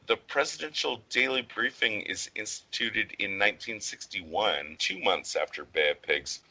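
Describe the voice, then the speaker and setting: Guy on a podcast, kinda low voice but bright, rambles with lots of likes and uhs. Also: normal speed, breathy edge, poor audio. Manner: rambling, filler-heavy, swears casually. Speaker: podcast co-host. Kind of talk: casual podcast discussion.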